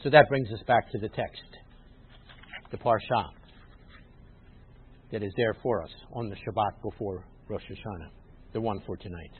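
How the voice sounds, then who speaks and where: A man giving a sermon as a rabbi, emphatic and teacherly, getting loud when he stresses a point. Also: fairly low pitch, moderate pace, long pauses, slight background noise. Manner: emphatic, rises loud on scripture quotes, teacherly asides. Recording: muffled phone-like sound.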